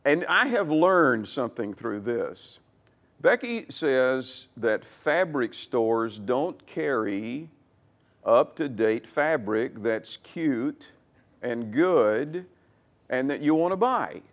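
Gravelly-voiced man preaching a folksy sermon. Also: mid-range voice, animated, slow pace. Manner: folksy, repeats words and restarts while he talks. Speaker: pastor. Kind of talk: conversational sermon.

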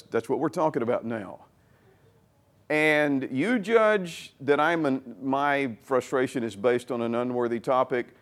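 A man's voice: a little high, fairly bright tone. A middle-aged male pastor giving a conversational, folksy sermon. He often repeats words and restarts his sentences.

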